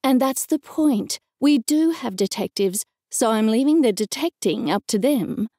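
An Australian woman voicing a sharp-tongued young woman funeral director, curt and stern in an audiobook. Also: on the high side, animated, measured pace, dry recording, clean studio sound. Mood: stern, snapping. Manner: curt and raised when snapping.

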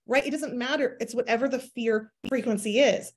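Pregnant and close to her due date, a network marketing team leader in her thirties gives her sales team a motivational talk at a moderate pace in a fairly high voice. She acts out inner voices in quoted asides.

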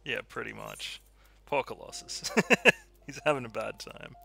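A man's voice: medium pitch, measured pace, gravelly, pushed and bright, soft background music. A man co-hosting a gaming channel, rambling and giggling, full of likes and ums. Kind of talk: casual gaming chat.

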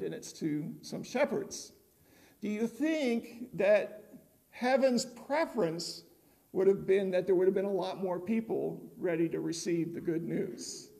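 A man's voice: sits high, gravelly, dark tone. An older man preaching a conversational sermon as pastor, often asking the congregation questions.

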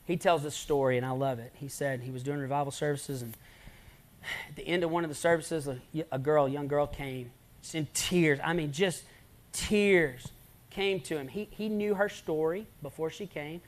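Guy preaching a sermon, goes from loud punchy lines to almost whispering, tells stories with big pauses. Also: fairly high pitch. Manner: swings between loud emphasis and hushed near-whispers; storytelling, dramatic pauses. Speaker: pastor.

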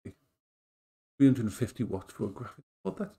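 Man, middle-aged, gravelly, average pitch, rambling casual chat, tablet mic. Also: very animated, a little slow, mellow. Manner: rambling, playful, talks to his dogs in a cooing voice. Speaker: vlogger. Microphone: tablet as action cam.

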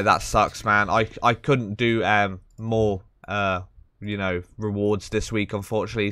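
A young man, talking casually over his gameplay. He sounds excitable and chatty, leaning on fillers and "man." His voice is bright and forceful, and the recording is dry and close. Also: on the low side, clear, resonant tone, no echo. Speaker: gaming video creator.

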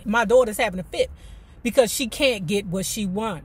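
A woman reading a memoir aloud and breaking off into animated, colloquial commentary. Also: mid-range voice, moderate pace, slightly rough. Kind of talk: book reading with casual commentary.

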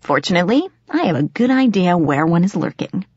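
A woman's voice: fairly low pitch, very animated, a little fast, a little mellow, breathy edge, no echo, muffled recording. Puck, a woman doing a cocky fairy boy. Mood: teasing. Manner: teasing, breezy, grinning. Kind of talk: audiobook character voice.

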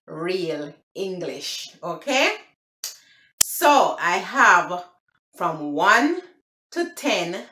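Jamaican woman, casual home vlogger, unhurried and repetitive, roomy echo. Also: fairly low pitch, sharp tone. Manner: deliberate, repeats phrases and checks in with "okay?". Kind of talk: casual teaching vlog. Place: home, indoors. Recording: echoey room.

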